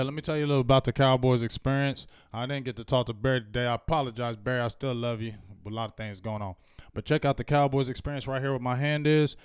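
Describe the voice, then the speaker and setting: Man, frustrated fan co-host, emphatic, smooth voice, dry sound. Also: medium pitch, no room sound. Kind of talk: postgame fan chat.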